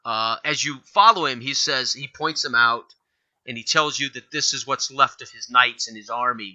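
A man narrating a tabletop game as game master, halting and often restarting his sentences. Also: medium pitch, pushed and bright, muffled recording. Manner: halting, many fillers and restarts.

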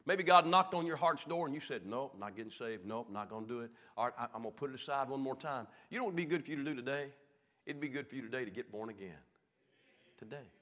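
A man with a Southern American accent preaching a sermon as pastor, swinging from shouted peaks down to low, quiet lines. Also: animated, quick pace. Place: church sanctuary. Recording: echoey church hall.

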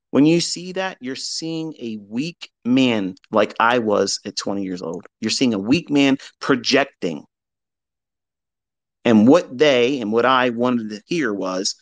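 A man's voice: mid-range voice, animated, moderate pace, no room sound. A middle-aged man giving a candid motivational talk as a trading mentor, blunt and profane, mixing heavy emphasis with confessional reflection.

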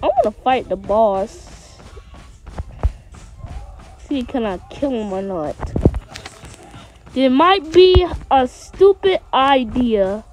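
A woman gives excited gameplay commentary in a high voice that leaps all over the place. She drags her words out, unhurried, and breaks into dramatic yelps and pleas for help. Music plays clearly underneath. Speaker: gaming channel host.

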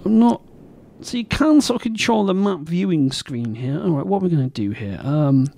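A man's voice: a little high, sing-song, normal speed, creaky, dark tone. A man hosting his own game show, chatting casually and rambling in a self-deprecating way while he plays. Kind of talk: casual gameplay commentary.

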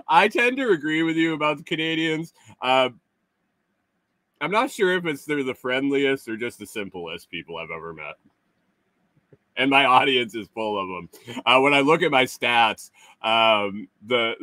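Speaking at a medium pitch with a bright, forceful tone, a middle-aged man hosts a laid-back live stream in a dry recording. He reads out chat messages and ribs his viewers, laughing and restarting in fits and starts.

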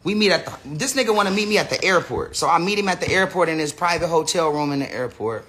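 A man's voice: fairly high pitch, quick pace, pushed and bright. A man ranting unscripted to his viewers, profane and rambling, often restarting his sentences. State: says he is high. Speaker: person telling his side of a story.

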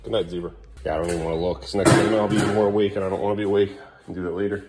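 Over heavy background noise, a low, steady male voice talks rapid-fire. He's a drowsy thirtysomething dad and vlogger coaxing and teasing his children on a casual shoot that goes from the kitchen out to the street.

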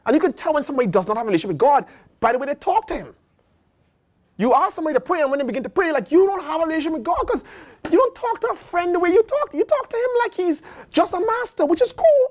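A man preaching a sermon in a colloquial, animated way, acting out bits of dialogue. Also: very high voice, very fast. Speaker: pastor.

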